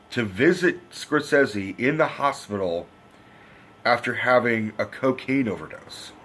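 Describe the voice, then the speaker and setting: Loud, profane man ranting about movies. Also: mid-range voice, slight background noise. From United States. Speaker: film reviewer. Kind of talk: casual movie rant.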